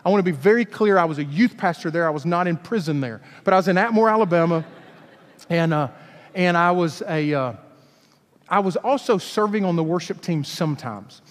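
A pastor in his forties tells a funny story from the pulpit with self-deprecating humor. His voice sits very high for a man. A long reverb trails each phrase, as in a big hall. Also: animated, a little fast. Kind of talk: storytelling sermon.

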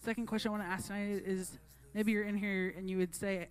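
A woman's voice: mid-range voice, level tone, fast talker, hardly any pauses. Earnest conversational woman preacher. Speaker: youth pastor. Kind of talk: sermon.

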